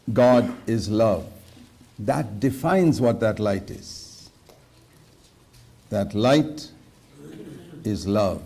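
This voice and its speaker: A man's voice: medium pitch, warm tone. A man preaching a sermon in an earnest way, quoting scripture and questioning his listeners directly. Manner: quotes scripture verse by verse.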